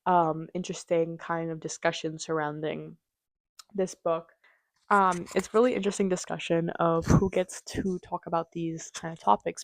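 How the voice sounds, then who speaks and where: A woman's voice: lowish voice, no room sound. A woman hosting a casual book review chat, gushing and chatty with lots of "like" and "um". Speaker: book reviewer, channel host.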